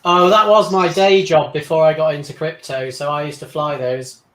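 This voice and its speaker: A man's voice: on the high side, fairly even intonation, normal speed, fairly bright tone, roomy sound. A man with an English accent, a guest in a casual online chat, laid-back and dryly amused, talking over a video call.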